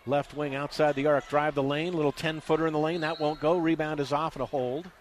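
A man doing fast radio play-by-play for a high school basketball game, getting loud and excited on big shots. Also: a little hiss or hum. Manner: rapid, excitable, rises loudly on big shots.

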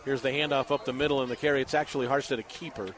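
A middle-aged man calling a high school football game live for radio from a packed outdoor stadium, building to shouts on big plays. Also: steady tone, racing. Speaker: radio play-by-play announcer. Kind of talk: live sports play-by-play commentary.

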